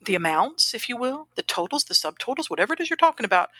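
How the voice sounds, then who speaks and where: A woman co-hosting a podcast in an animated, rambling way, often stopping to correct herself. Her voice sits fairly high and sounds bright and sharp. The recording is dry and close. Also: fast talker, few pauses, slightly rough, no echo. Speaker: podcast co-host, grant professional. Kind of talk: casual podcast chat.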